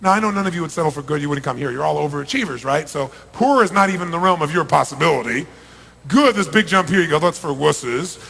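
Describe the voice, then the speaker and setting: A man with a husky, fairly high voice delivers a live motivational talk. He swings between booming, shouted emphasis and quiet, intimate asides. His voice carries a long reverb from a large hall. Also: animated, fast talker. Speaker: motivational speaker.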